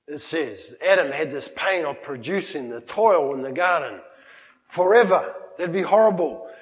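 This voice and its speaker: A man's voice: fairly high pitch, big-room sound, low-quality recording. A man preaching a sermon, emphatic and with playful humorous asides. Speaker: pastor. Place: church.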